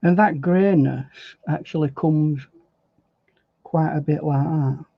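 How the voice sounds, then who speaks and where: A man talks through a painting demo in a slightly high voice, musing aloud with little repeats as he goes. The recording is dry and a little dull, with no room echo. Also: slow pace, creaky. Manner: chatty, thinking aloud with fillers and repeats. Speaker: painting instructor. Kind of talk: relaxed painting demonstration.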